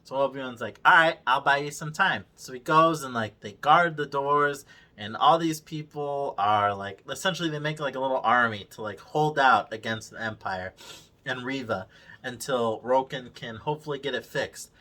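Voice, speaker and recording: A man's voice: mid-range voice, moderate pace, pushed and bright. A man hosting a casual review, ranting with constant profanity and exasperated sarcasm. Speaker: show host reviewing a series.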